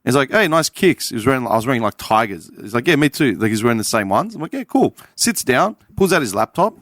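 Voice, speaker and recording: An Australian man tells a story in a casual chat and acts out the lines of everyone in it, his pitch rising and falling a lot. The mic is close and dry. His pitch sits in the middle. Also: fast talker, no room sound. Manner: animated storyteller acting out quoted dialogue. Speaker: podcast panelist.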